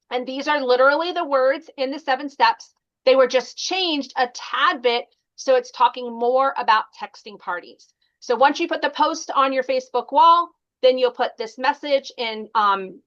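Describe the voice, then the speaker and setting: Woman, sales team lead, friendly coaching tone, slightly high voice, muffled call audio. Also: a bit bright. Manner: chatty and encouraging, many ums and likes. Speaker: sales team leader training consultants. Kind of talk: casual training call.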